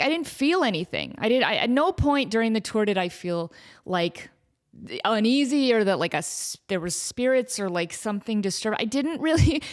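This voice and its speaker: Comedic woman host recapping a trip, acts out everyone she quotes, voice jumps up and down a lot. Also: fairly high pitch. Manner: animated, self-deprecating, acts out quotes. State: out of breath. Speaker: podcast host.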